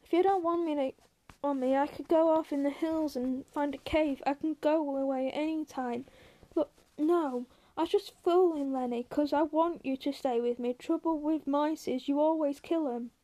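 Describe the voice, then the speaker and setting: A woman reading aloud, voicing a gruff, weary ranch hand who scolds his friend. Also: high-pitched, normal speed, mellow, natural voice.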